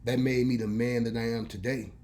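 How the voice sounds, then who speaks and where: A man as vlogger and radio host giving a preachy, folksy monologue and telling a story with animated, folksy flair. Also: mid-range voice, fairly quick, slight background noise.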